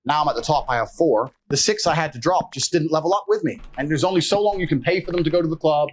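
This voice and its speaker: A man's voice: a little high, fast, slight background noise. A man guesting on a podcast interview, telling stories in a brash, swaggering way, swearing freely and laughing between his boasts. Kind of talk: casual storytelling in a podcast interview.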